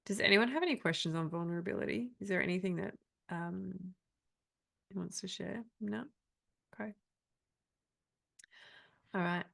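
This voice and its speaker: Woman coach in her thirties, low gravelly voice, candid and chatty, online video call. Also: moderate pace, pauses often, a bit bright. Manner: candid, chatty, laughs often. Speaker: trauma coach. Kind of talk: live online workshop talk.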